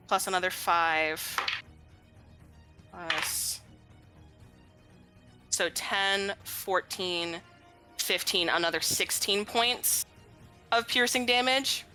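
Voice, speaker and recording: A woman's voice: medium pitch, very slow, pauses often, bright, forceful tone, faint music behind. A woman playing a tabletop game, chatting casually as she counts damage and checks rules. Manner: casual, laughing. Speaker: player.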